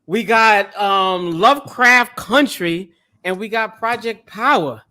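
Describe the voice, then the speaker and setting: Man, podcast host, casual chat, excitable, frequent laughs. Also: slow pace. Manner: excitable, laughs often, jumps up in pitch.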